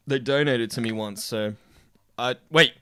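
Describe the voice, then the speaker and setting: A man's voice: mid-range voice, measured pace, bright, forceful tone, clear, resonant tone, dry recording, studio quality. An Australian man streaming, telling school stories with plenty of laughs and swearing. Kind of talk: casual chat on a live stream.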